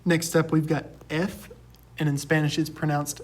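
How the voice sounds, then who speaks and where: A young man teaching a recorded class lecture, saying each word slowly and clearly for students to repeat. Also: a little high, level tone. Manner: slow, deliberate, drills words for repetition.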